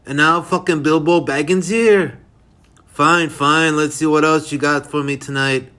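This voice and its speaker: A man's voice: a little high, fairly even intonation, unhurried, sharp tone. A profane street brawler, read by a man with a slightly raised voice in an audiobook. He talks with biting sarcasm and plain, everyday delivery. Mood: exasperated. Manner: cursing, sarcastic.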